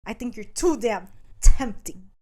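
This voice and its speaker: A woman playing a brooding, gruff cowboy man in a casual podcast retelling, speaking low and hushed. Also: lively intonation, unhurried. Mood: intense.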